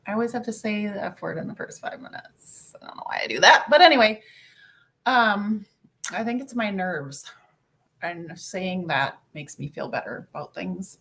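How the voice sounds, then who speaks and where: A woman's voice: mid-range voice, fairly bright tone. A woman hosting a casual livestream, greeting viewers by name and swearing offhandedly. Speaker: livestream host. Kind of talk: casual live chat.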